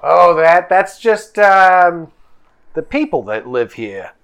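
A man's voice: high-pitched, sing-song, slow pace, a bit bright, clean tone, pitched above the performer's own voice, exaggerated voice. A man voicing a scatterbrained male professor in a tabletop game, rambling and stammering with hesitant fillers.

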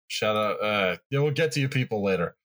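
Male co-host, bright forceful tone, dry teasing banter. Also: on the low side. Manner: teasing, wry. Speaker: podcast co-host. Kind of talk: casual chat.

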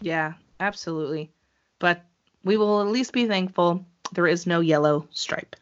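A woman co-hosting a casual wrestling chat, excitable and laughing often, with animated asides. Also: lowish voice, moderate pace, highs cut off. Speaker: co-host.

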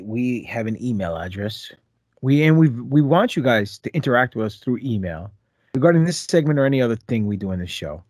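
A man's voice: medium pitch, darkish tone, no room sound. Joking guy cohosting a podcast, reads emails w/ asides, dry close mic. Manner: playful, sings and jokes, reads aloud with asides. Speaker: podcast co-host. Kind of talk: casual chat, reading listener emails.

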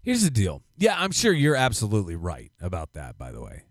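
A man co-hosting a podcast, ranting in a casual, profane, animated way. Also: fairly low pitch, a little fast, no echo, studio quality. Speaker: podcast co-host. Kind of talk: casual chat.

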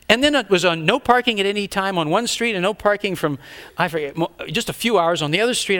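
An older man, a pastor, telling a story in a sermon with animated, dramatic delivery and sudden loud outbursts. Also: high voice, fast.

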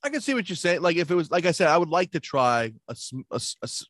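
A man's voice: fairly high pitch, fast, no room sound, studio quality. A man chatting casually, swearing and laughing a lot as a guest. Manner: profane, laughing, excitable. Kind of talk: casual chat.

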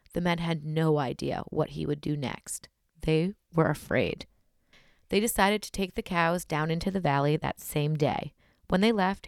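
Casual woman podcaster reading a creepy tale, gravelly and kinda low. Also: dry recording, clean studio sound. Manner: casual and blunt, swears in asides. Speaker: podcast host. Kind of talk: casual reading of a scary story.

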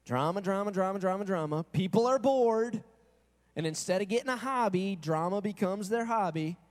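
A man's voice: high voice, expressive, normal speed. A male pastor preaching a sermon to his congregation in a conversational way, asking them questions and acting out quoted voices. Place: church sanctuary. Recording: long reverb in a church hall.

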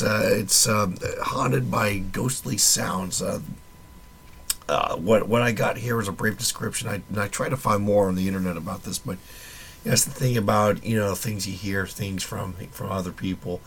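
A man's voice: on the low side, creaky, husky. A man hosting a casual solo podcast, rambling and wry with a little profanity, his voice worn and nearly gone. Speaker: podcast host.

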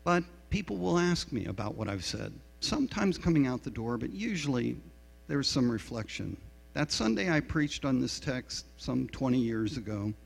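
A man's voice: medium pitch, big pitch swings, normal speed, creaky. A middle-aged man preaching a sermon as a pastor, telling a story in a frank, self-deprecating way. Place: church sanctuary. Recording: reverberant hall with mains hum.

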